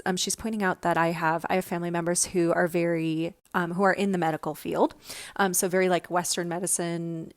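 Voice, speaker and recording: Chatty woman with a lowish voice. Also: no echo, clean studio sound. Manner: chatty, many fillers, relays a spirit's words in her own voice. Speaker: spiritual channeler and podcast host. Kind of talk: casual spiritual storytelling.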